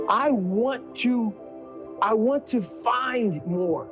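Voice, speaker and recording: Intense motivational speaker, muffled clip. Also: male voice, very high-pitched, animated, extremely slow. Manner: intense, profane, preaching. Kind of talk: motivational speech. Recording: muffled clip under music.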